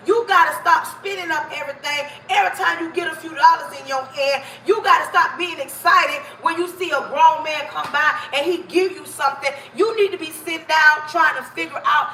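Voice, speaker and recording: A woman hosting a livestream and giving emphatic, preachy life advice. She speaks in casual, colloquial speech straight to her viewers and sometimes raises her voice to a shout. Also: high voice, moderate pace, hardly any pauses, distant mic, slight background noise. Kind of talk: motivational straight talk to viewers. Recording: echoey room, voice a bit off-mic.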